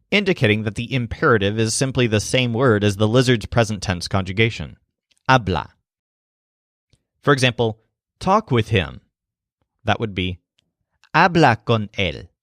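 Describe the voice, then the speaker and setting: A man narrating a language lesson in a clear, explanatory way. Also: on the low side, a bit bright, no room sound, studio quality. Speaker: language teacher.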